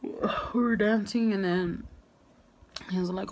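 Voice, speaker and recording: A woman's voice: on the low side, very animated, slow pace, vocal fry, mellow, a little hiss or hum. A young woman vlogger telling a candid storytime, frank and full of swearing and "like". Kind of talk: casual storytime monologue.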